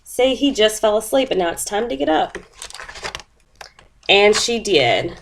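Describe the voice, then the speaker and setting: A woman, sniffly from a cold, presents a first-grade lesson plan and reads a picture book aloud slowly, with voices and sound effects. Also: medium pitch, animated, vocal fry, a little hiss or hum.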